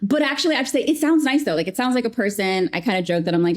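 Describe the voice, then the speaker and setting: A woman who works in customer experience chats casually as an interview guest, lively and acting out little quotes. Her pitch is fairly high and she talks in rapid-fire bursts.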